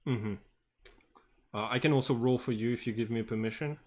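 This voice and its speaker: A man running a tabletop game as game master, talking haltingly with many fillers and humming to himself. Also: mid-range voice. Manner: halting, full of fillers, hums while working.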